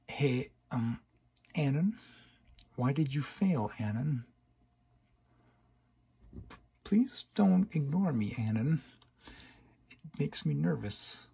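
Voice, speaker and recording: Man doing a husky nightmare pony girl, hesitant. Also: mid-range voice, slow, long pauses, full character voice. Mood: pleading. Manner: soft, hesitant pleading with stammers. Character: nightmarish false female pony, pleading, menacing.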